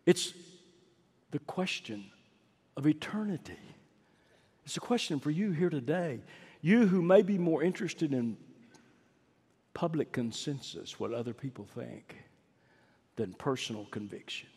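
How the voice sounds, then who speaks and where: A man preaching a sermon and leading an altar call, rising to ringing climaxes and dropping to hushed pleading. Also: fairly high pitch, animated, unhurried, long pauses, breathy edge. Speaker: pastor. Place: large church sanctuary. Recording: long hall reverb.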